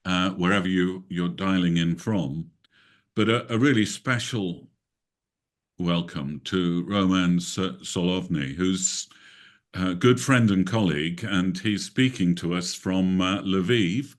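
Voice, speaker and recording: English man, host, very deep voice, genial, rambling with fillers, video call. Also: slow pace. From England. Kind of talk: hosting an online prayer meeting.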